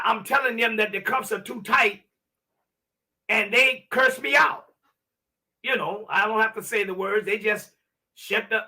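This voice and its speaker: Bright high-voiced man telling his story. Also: distant mic. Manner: earnest storyteller, repeats words and restarts. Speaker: guest. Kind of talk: personal storytelling. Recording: voice set back from the mic.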